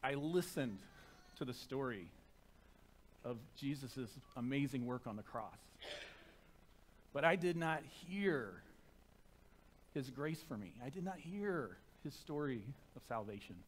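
Pastor, chatty sermon. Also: male voice, mid-range voice, expressive, a little slow, long pauses, a little hiss or hum. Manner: conversational and self-deprecating, with soft reverent prayer. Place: church sanctuary. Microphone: microphone.

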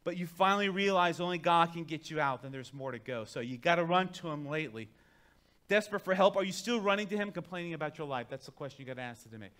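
A man preaching a sermon in a high, bright voice. He is emphatic and speaks directly to the congregation, moving between hushed, conversational asides and loud declarations. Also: animated, quick pace. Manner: conversational, talks straight to the congregation. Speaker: pastor.

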